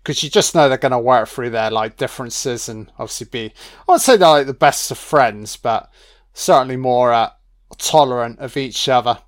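A man's voice: medium pitch, moderate pace. A man giving a casual, profane audio commentary on a film, chatting loosely and laughing often.

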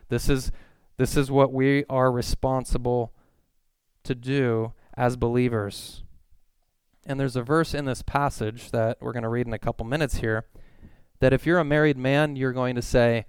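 A man's voice: mid-range voice, normal speed, clean tone, dry recording. A man in his late thirties, a pastor giving a sermon in a conversational, storytelling way. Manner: conversational storytelling with quoted voices.

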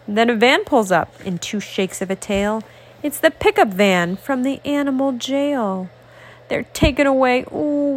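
Slow sing-song woman reading a picture book. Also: on the high side. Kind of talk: picture-book read-aloud.

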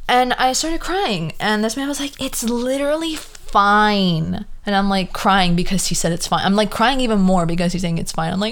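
A woman's voice: medium pitch, normal speed, hardly any pauses, a little hiss or hum. A woman in her early twenties talking casually on her own podcast, tired and yawning, full of "like" and acted-out quotes. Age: 20s. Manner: chatty, lots of "like", animated quoted voices. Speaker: podcast host. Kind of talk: casual solo podcast monologue.

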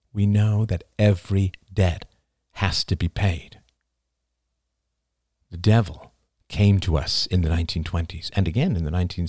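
A man's voice: sits low, darkish tone, breathy edge, dry recording, studio quality. A man voicing Oliver, an earnest young man lecturing his friends with growing intensity about coming collapse.

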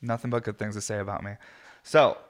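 A man's voice: on the low side, steady tone, brisk. A young man hosting a casual talk show, chatting loosely with lots of fillers, restarts and self-interruptions. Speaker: host of a smoking video show. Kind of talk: casual chat.

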